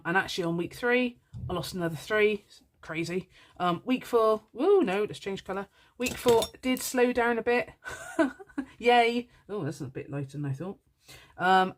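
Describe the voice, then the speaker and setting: A woman's voice: on the low side, slight background noise. A woman chatting in a casual budgeting vlog, bubbly and apologetic, with lots of ums. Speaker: budgeting vlogger.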